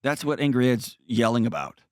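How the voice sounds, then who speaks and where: A man's voice: medium pitch, sing-song, fairly quick, dry recording, studio quality. A man hosting a call-in advice show, talking directly and earnestly to a caller. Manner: earnest, direct coaching with emphatic repetition. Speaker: radio show host giving life advice. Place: studio. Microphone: close studio mic.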